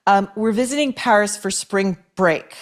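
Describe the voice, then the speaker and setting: A woman's voice: mid-range voice, unhurried. A woman hosting a show, reading viewer mail and advice letters aloud and reacting with blunt, sarcastic commentary full of swearing. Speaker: host.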